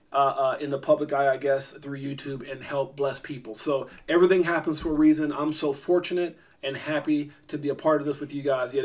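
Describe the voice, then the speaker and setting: A middle-aged man hosting a vlog, telling a long story in an animated, rambling way with lots of fillers and restarts. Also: fairly high pitch. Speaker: vlog host. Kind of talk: casual storytelling to camera.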